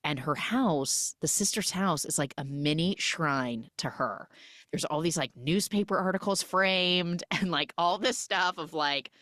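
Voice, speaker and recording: A woman hosting a podcast, recapping a film in a sarcastic, animated way. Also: low-pitched, unhurried, dry recording, studio quality. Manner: sarcastic, animated, mimics characters in exaggerated voices. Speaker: podcast host.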